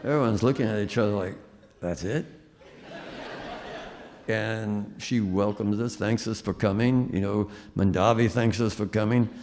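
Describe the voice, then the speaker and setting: An older man from the Bronx, an animated storyteller at a live book talk. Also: lowish voice, moderate pace, hardly any pauses. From the Bronx, New York. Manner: animated storyteller who acts out voices. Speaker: guest musician and author. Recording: reverberant hall.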